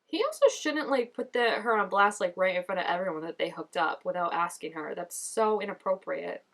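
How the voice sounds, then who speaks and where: A woman giving casual reaction commentary on a TV episode. She gushes and chats, fills her talk with "like" and "oh my gosh", and jumps up in pitch when excited. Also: brisk. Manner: gushing and chatty, full of "like" and "oh my gosh". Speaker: show reaction vlogger.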